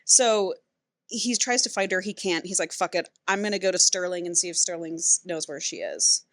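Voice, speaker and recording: A woman's voice: lowish voice, normal speed, no echo. A woman co-hosting a podcast, casually retelling a romance novel's plot and acting out the characters' lines. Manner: animated storyteller who acts out characters' lines. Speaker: podcast co-host.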